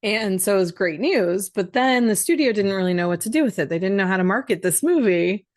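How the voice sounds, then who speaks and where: A woman co-hosting a film podcast in casual chat, relaying background facts in a measured way with hesitant fillers. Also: medium pitch, lively intonation, darkish tone, no room sound, studio quality. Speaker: podcast co-host.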